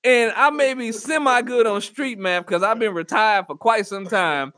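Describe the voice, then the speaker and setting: On his solo podcast, a man speaks in a high-pitched, sharp-toned voice at a moderate pace. He keeps things casual with rambling, joking, slang-heavy banter.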